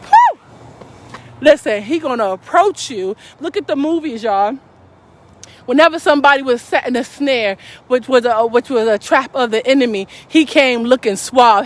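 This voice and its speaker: A woman giving a fervent, preaching-style live stream talk, calling out to her audience as a faith speaker. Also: high-pitched.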